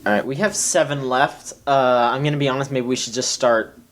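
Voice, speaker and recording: A man moderating a casual panel discussion, keeping the list moving in a low-key way. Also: steady tone, fairly bright tone. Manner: slow, organizing, low-key. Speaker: podcast moderator.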